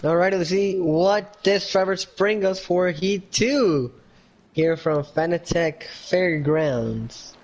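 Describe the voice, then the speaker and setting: A man calling quick play-by-play as co-commentator on a sim racing broadcast. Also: high voice, dull audio.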